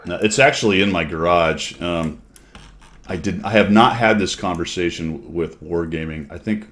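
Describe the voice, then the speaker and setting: A man's voice: low voice, normal speed, a bit bright. A middle-aged man hosting a streamed chat, talking in a rambling, self-correcting way. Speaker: streamer host. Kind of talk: casual chat.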